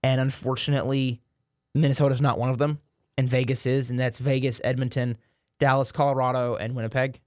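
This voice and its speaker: A man's voice: mid-range voice, level tone, a little fast, no room sound. Male podcast host, casual sports chat, dry close sound, trips over his words a lot. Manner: rambling, repeats words and restarts, self-deprecating.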